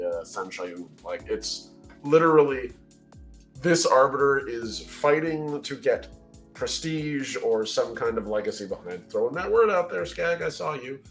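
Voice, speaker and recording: A man's voice: fairly low pitch, fairly bright tone. A man chatting casually on a live stream, brainstorming ideas in a loose, rambling way full of fillers. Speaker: worldbuilding stream host. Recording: faint music underneath.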